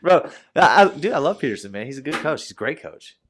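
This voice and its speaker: A young man co-hosting a podcast, chatting casually about football with slang and loud laughs. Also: on the high side, sing-song, fast, a little hiss or hum. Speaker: podcast co-host. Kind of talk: casual chat.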